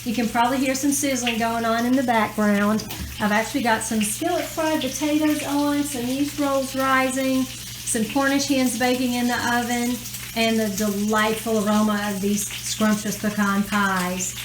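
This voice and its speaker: A woman talks through a recipe in a chatty, folksy way. Her voice sits a little high. The kitchen rings with echo, and faint sizzling runs underneath. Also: fairly even intonation, moderate pace. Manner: chatty and homey, folksy phrasing. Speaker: home cooking vlogger. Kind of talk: casual cooking tutorial. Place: home kitchen, food sizzling. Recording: echoey kitchen with cooking noise.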